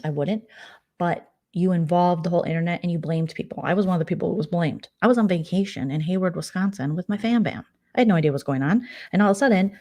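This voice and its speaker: A young adult woman vlogger doing casual late-night commentary, retelling drama in a gossipy, sarcastic, animated way. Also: fairly low pitch.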